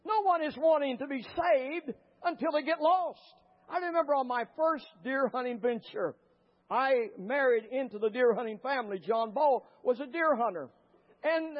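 A man preaching a sermon as a pastor, telling stories with fervor and rising to shouts. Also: extremely high pitch. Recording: muffled lo-fi recording.

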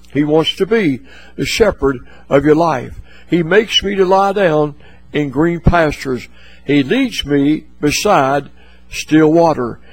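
A preacher delivers a folksy sermon with a gravelly, husky voice. He speaks a little high for a man and often repeats his words. The sound is close and dry. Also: dry recording, rough recording.

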